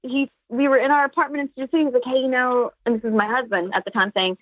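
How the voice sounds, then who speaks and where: Calling in from Texas as a podcast guest, a woman comedian chats casually in an interview, speaking quickly and forcefully with many restarts. Her voice is high with fairly even intonation, and the tinny phone line has no room sound.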